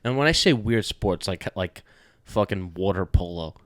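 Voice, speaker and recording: A young man co-hosts a podcast, chatting casually and rambling with plenty of filler words and swearing. His low voice is expressive and moderately paced, captured in clean studio sound with no echo.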